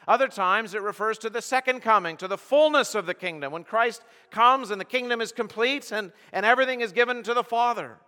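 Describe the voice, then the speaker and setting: A man's voice: high-pitched, fairly quick, few pauses, sharp tone. A pastor preaching an expository sermon, earnest and emphatic, often restarting his phrases as he works through the text. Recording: long hall reverb.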